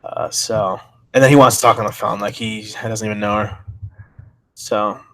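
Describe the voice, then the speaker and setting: A man's voice: lowish voice, steady tone, normal speed, a bit bright. A man reading chat logs aloud and commenting, thinking aloud and reacting with disbelief.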